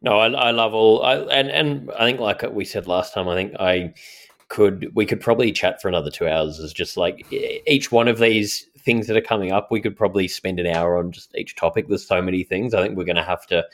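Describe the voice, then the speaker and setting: A man's voice: on the low side, brisk, fairly bright tone. A man hosting an interview show, agreeable and a bit hesitant, with many fillers. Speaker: podcast host. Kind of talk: casual conversational interview.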